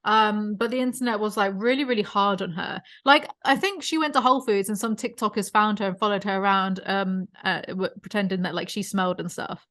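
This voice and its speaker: A woman hosting a casual podcast chat, ranting about online creators in an opinionated, animated way. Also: medium pitch, brisk, few pauses. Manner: ranting, opinionated, self-aware about vocal fry. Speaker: podcast host.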